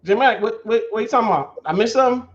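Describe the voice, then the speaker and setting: Laid-back high-voiced man hosting a livestream. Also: animated, fast talker. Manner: loose, laughing, greets viewers by name. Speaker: livestream host. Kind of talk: casual livestream chat. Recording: dull lo-fi stream audio.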